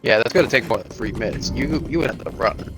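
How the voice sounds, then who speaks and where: A man's voice: medium pitch, fast talker. A man co-hosting a game stream, chatting in an easygoing, wry way. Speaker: co-host. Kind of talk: casual chat. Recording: game music under voice.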